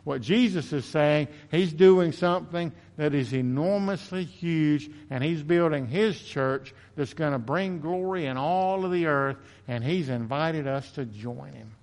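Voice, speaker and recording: A man's voice: on the high side, measured pace, few pauses, a little mellow. Earnest male pastor preaching in a hall. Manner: earnest, self-confessing, repeats words when building emphasis. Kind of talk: sermon. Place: church sanctuary.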